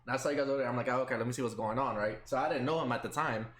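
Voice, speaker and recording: A man's voice: mid-range voice, racing, a bit bright. Teasing young man, echoey room. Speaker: podcast guest. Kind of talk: casual chat. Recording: echoey room with faint background noise.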